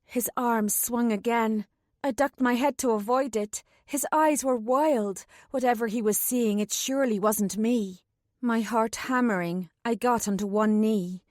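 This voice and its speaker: A woman's voice: a little high, steady tone, a little slow, darkish tone, no room sound. A woman narrating a first-person fantasy audiobook in a tense, urgent way, close to a studio mic.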